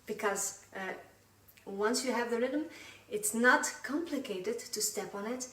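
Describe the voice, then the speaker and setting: A woman's voice: on the high side, recorded from a distance. A woman teaching a live online belly dance class, counting beats aloud while she dances and slightly out of breath. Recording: roomy sound from away from the mic, loud music. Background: loud Middle Eastern music.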